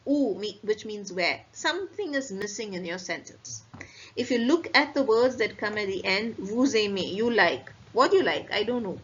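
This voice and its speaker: A woman French teacher with an Indian English accent, giving a classroom grammar lecture and explaining step by step while repeating example phrases slowly. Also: a little high, a bit bright, slightly rough, muffled recording.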